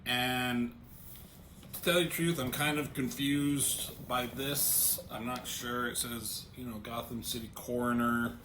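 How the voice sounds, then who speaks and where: A man's voice: medium pitch, fairly even intonation, measured pace. A man reviewing a comic book in a casual way, walking through the pages and reading the panel lines aloud, often repeating words as he starts a thought. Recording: roomy echo, faint ambient noise.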